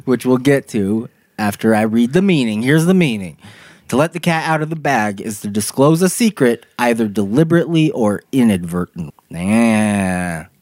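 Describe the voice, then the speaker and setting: A man's voice: medium pitch, animated, normal speed, darkish tone, no room sound, clean studio sound. A man hosting a podcast, reading idiom meanings from his notes in casual chat and laughing often. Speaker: podcast host.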